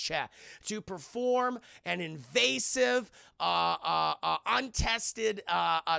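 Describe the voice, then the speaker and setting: A young man in a casual live-stream, recapping a film scene by scene for his chat, excitable and swearing a lot, often breaking into loud quoted lines. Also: high-pitched, creaky, no echo, studio quality.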